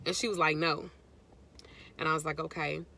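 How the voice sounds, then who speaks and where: Chatty middle-aged woman with a bright voice. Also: low voice, very fast. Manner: chatty, rambling, greets live viewers mid-story. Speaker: vlogger. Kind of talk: casual storytelling to viewers.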